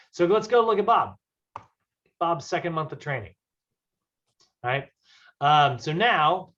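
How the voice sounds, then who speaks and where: A man's voice: on the high side, a bit bright. A man teaching a fitness class in a casual, conversational way, often checking in with "right?". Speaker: fitness instructor. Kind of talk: classroom lecture. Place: classroom with whiteboard. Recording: dull lo-fi classroom recording.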